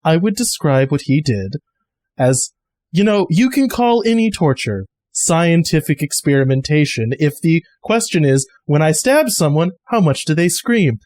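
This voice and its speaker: A man voicing a cold woman fighter who speaks calmly and cuttingly. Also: high-pitched, normal speed, no room sound. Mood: icy calm. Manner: calm, cutting.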